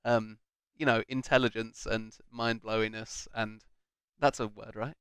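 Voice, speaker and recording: A man's voice: on the low side, flat delivery, unhurried, a bit bright, clear, resonant tone, no room sound. A young man co-hosting a casual film chat, rambling and joking with frequent laughs. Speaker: co-host.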